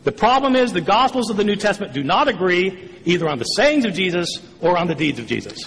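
A man's voice: high voice, very animated, quick pace, creaky, a bit bright, slight background noise. A man making a formal debate argument, emphatic and full of rhetorical questions. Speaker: debate participant. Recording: echoey hall reverb.

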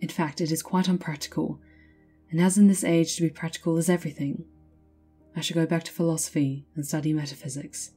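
A woman's voice: sits low, little pitch movement, fairly quick, mellow, slightly rough, soft background music. Woman doing a peevish, lecturing young student. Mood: sulky. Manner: indignant and lecturing. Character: peevish young male student, self-important. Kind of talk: storybook reading.

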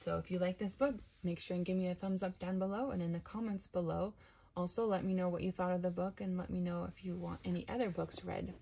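A woman reading a children's book aloud, steady and clear, then talking to her viewers. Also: fairly low pitch, fast talker, a little hiss or hum. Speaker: storybook reader. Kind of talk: children's read-aloud narration.

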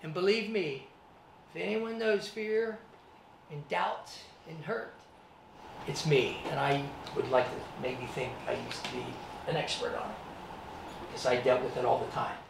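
A guest speaker with a slightly high voice, a somewhat slow pace, and vocal fry animatedly acts out scenes while telling students his life story in a motivational talk. The presentation room is echoey, the mic is distant, and the background is noisy.

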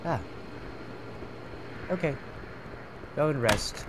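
A man's voice: fairly low pitch, expressive, slow, background noise. A man commenting on a horror game he plays, mumbling and hesitant as he talks to himself. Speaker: gaming youtuber.

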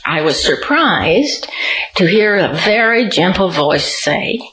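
A woman sits for an oral history interview and recounts her memories at an easy, unhurried storytelling pace, now and then breaking into a light laugh. Her voice sits a little low. The recording rings with an echoey room. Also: animated, a bit bright.

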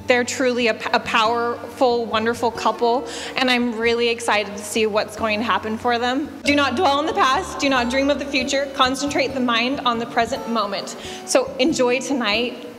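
A young woman gives a halting, heartfelt wedding toast in a slightly high voice. Her words ring out with a long hall reverb, and soft music plays underneath. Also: steady tone. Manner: warm, laughing, a bit halting. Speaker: maid of honor giving a toast.

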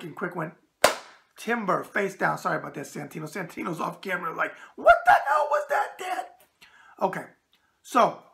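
A man's voice: high voice, gravelly, pushed and bright. A middle-aged man hosting a casual boxing mailbag show with brash, tough-guy banter.

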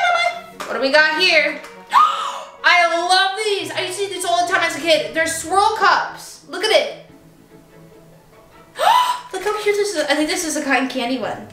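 A woman vlogger unboxing toys in a casual, gushing and excitable way, chatting to her stuffed animals as she goes. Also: high voice, moderate pace. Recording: echoey room with faint music.

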